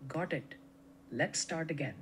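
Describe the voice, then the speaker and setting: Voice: medium pitch, measured pace, a little hiss or hum. A polite, friendly text-to-speech voice assistant answering in conversation.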